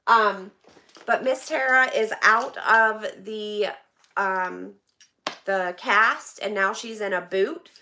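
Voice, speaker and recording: A middle-aged woman from the United States, opening donated packages on a live stream and chatting excitedly with viewers. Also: mid-range voice, slow, slight background noise.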